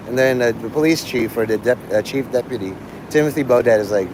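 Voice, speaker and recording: A man with a mid-range, brisk voice hosts a live stream, delivering a rambling, profane monologue that hops from topic to topic. Loud street noise fills the recording.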